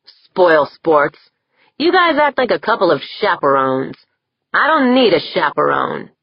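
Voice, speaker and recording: A cocky young engineer, brash and leering, teasing his crewmates, as a woman reader plays him in an audiobook. The voice sits low and husky, with a slightly dull, dry sound. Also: normal speed, dry recording, full character voice.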